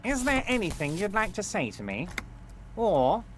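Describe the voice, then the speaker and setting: An actor playing a smug, smooth-talking middle-aged union boss in a video game, patronizing and falsely soothing. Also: male voice, high voice, sing-song, normal speed, slight background noise.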